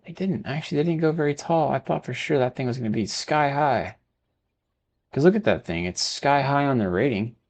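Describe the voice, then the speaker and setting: A man from Texas narrates his city-building session in a relaxed, chatty way. He mutters to himself as he works, his voice sitting at an ordinary middle pitch. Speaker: gaming video host. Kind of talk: casual let's-play commentary.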